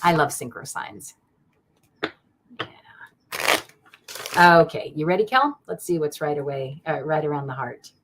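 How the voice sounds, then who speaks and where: A woman's voice: low-pitched, slow pace, long pauses, a bit bright, slight background noise. A woman giving live tarot readings to viewers, affectionate and rambling, often laughing and getting emotional. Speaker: tarot card reader. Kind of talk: live-stream card reading.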